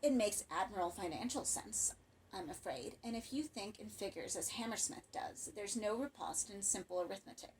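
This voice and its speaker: A woman's voice: medium pitch, normal speed, distant mic, lightly acted, rough recording. A polished, cultured old man of the theater, voiced by a woman narrator, persuasive and too rhetorical by half. He speaks with courtly, melodramatic gravity in an audiobook reading over faint background noise. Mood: grave. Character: cultured older male theater patron.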